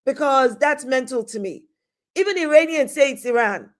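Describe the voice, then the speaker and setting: Woman, middle-aged, live-stream host, casual chat, slightly high voice. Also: expressive, moderate pace. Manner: chatty, greets viewers by name, laughs often.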